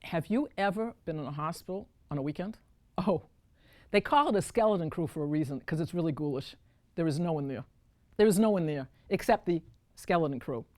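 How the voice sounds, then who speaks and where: A woman's voice: deep voice, fairly quick. A woman performing a one-woman storytelling show, talking straight to the audience and calling them folks. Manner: animated, addresses audience as folks. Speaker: solo stage performer.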